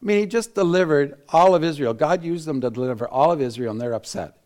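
A man preaching a Bible teaching in an animated way, laughing and acting out quotes, with frequent restarts. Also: fairly high pitch, fast talker. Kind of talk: sermon-style Bible teaching.

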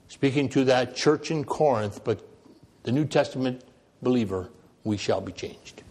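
A male preacher with a husky, breathy voice delivers a sermon. He swings from raised, emphatic phrases down to low, quiet ones. Casual asides and light self-mocking humor break up his preaching. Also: a little slow. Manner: dramatic, with wide swings in pitch and loudness.

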